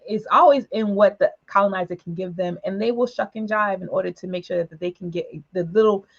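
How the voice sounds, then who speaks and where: A woman speaking emphatically in a political broadcast discussion, with quick asides and short laughs. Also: medium pitch, dull audio. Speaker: panelist for a women's political organization.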